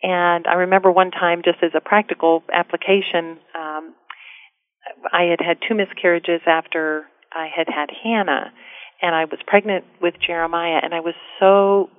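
A woman's voice: on the low side, steady tone, moderate pace, dry recording. A middle-aged woman, a guest author, speaking earnestly and from the heart in a casual interview. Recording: tinny phone line.

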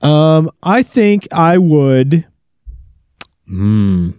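A man's voice: on the high side, very animated, drawn-out words, clear, resonant tone, no room sound, dull audio. Man, podcast co-host, casual chat, laid-back, dry close sound. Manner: laid-back, short agreeing replies.

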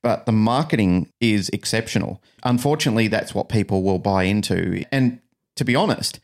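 Emphatic, lively man on a podcast. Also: fairly low pitch, moderate pace. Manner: animated, emphatic storytelling. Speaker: podcast co-host. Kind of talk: casual podcast chat.

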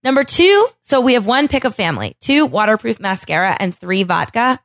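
A woman's voice: fairly high pitch, big pitch swings, fairly quick, no room sound. A woman hosting a casual podcast, blunt, profane and sarcastic as she mocks what she reads. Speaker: podcast host.

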